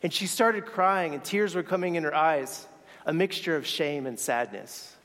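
A man's voice: fairly high pitch, normal speed, fairly bright tone, big-room sound. A man telling a personal story in a sermon, earnest and reflective, sometimes restarting his words. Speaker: speaker sharing a faith story.

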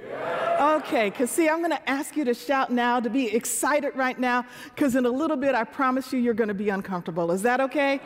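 A woman in her sixties preaches a sermon in church, chatting conversationally with the congregation. Her voice sits high and moves a little fast, with crowd noise and the long reverb of a large hall.

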